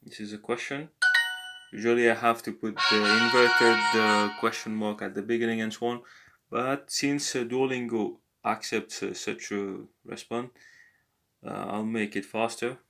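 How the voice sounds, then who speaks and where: A man tutoring a language lesson, talking slowly and hesitantly with many filler pauses. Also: on the low side, fairly even intonation, bright, forceful tone, soft background music. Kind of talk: screen-recorded app language lesson.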